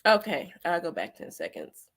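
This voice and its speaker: A woman's voice: on the low side, wildly swooping pitch, normal speed, creaky, fairly bright tone, breathy edge. A woman hosting a livestream, ranting bluntly and profanely in a rambling way. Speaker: host. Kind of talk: heated livestream commentary.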